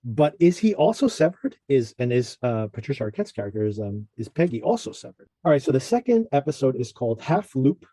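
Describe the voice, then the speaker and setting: Mellow-voiced man recapping a show. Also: mid-range voice, big pitch swings, brisk, hardly any pauses, breathy edge, no room sound, poor audio. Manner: rambling, with frequent fillers and laughs. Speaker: podcast host. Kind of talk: casual recap chat.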